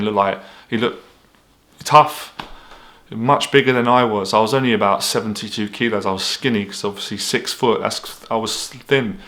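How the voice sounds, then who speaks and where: A man with a lowish, slightly bright voice speaks directly to the camera as an anxiety coach. His motivational vlog monologue is blunt and candid, and he swears freely.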